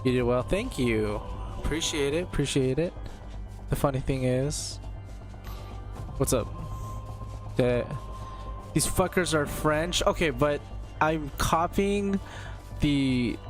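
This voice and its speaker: A man's voice: fairly high pitch, expressive, slow pace, long pauses, over music. A man streaming a game, chatting casually, joking and swearing freely. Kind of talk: casual gaming stream chat.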